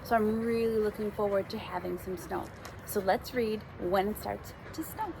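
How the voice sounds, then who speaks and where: A woman reading a rhyming picture book aloud to children, pausing for friendly asides to her listeners. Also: medium pitch, vocal fry, noisy background. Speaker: children's story reader.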